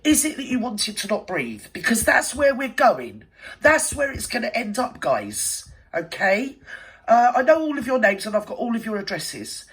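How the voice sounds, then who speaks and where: A man's voice: fairly high pitch, slightly rough. A man voicing a brash, gossipy older widowed woman, rambling and indignant in a satirical monologue. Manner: rambling, indignant, threatening, full of fillers. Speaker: satirical channel host.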